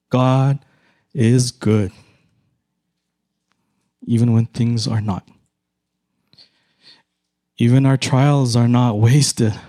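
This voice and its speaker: A middle-aged man with a Filipino accent, preaching a sermon in a measured, emphatic way with repeated phrases. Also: medium pitch, mellow. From Philippines. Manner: slow, measured, emphatic repetition.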